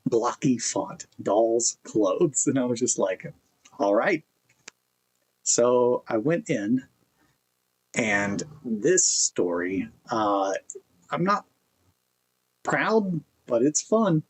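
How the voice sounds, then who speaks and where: A man's voice: fairly low pitch, husky, low-quality recording. A man streaming a casual hangout, telling a rambling, self-mocking story about himself. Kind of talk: casual chat.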